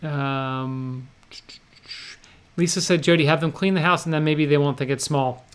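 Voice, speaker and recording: Here the same New Jersey co-host, a middle-aged man, has a fairly high voice that stays steady and clean at a measured pace. He goes through viewers' comments on the livestream, easygoing and playful.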